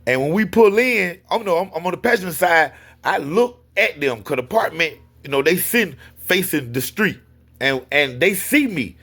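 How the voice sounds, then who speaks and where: A man telling a personal story in a casual, animated way, often turning to his listeners. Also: a little high, normal speed. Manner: animated, addresses listeners as y'all. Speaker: storyteller guest.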